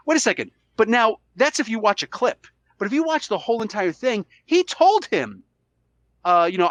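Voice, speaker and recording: A man hosting a podcast while sick with a cold, arguing his side in a casual, animated way and acting out quotes. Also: high voice, fast, no room sound. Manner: animated, argumentative, acts out quotes. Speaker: podcast host. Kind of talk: casual debate chat.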